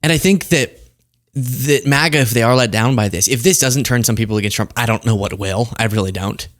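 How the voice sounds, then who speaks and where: A man's voice: mid-range voice, a little fast, a bit bright. A young man hosting a political commentary show, talking in a sarcastic, conversational way. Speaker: host.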